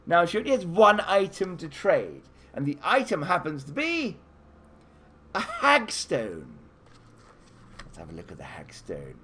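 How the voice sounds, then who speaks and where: Animated male game master. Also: fairly high pitch, a little slow. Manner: animated storytelling, offering choices. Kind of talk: narrating a live tabletop adventure game for kids.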